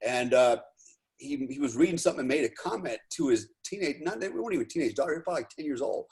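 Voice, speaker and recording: A man from the United States talks loosely and at length, his sentences wandering and restarting. He swears freely and leans on "you know" in nearly every breath. His voice sits at an ordinary middle pitch. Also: expressive, fast, a little mellow. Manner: rambling, heavy use of "you know", profane. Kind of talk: casual chat.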